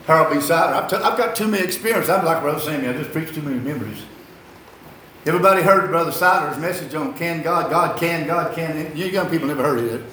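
A man's voice: a little high, fast, pushed and bright, a little hiss or hum. An older man preaching a sermon, telling folksy, rambling stories and repeating his phrases. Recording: echoey hall.

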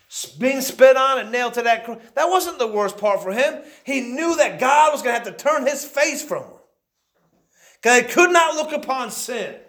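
A man preaching a sermon, building into shouted emphasis. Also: very high-pitched. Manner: impassioned, rising to shouts. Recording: echoey church room.

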